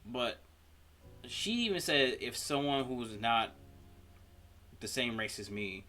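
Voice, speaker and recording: A man hosting a reaction video, talking through personal stories in a rambling, halting way with many fillers. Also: medium pitch, sharp tone, slight background noise. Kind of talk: casual reaction commentary.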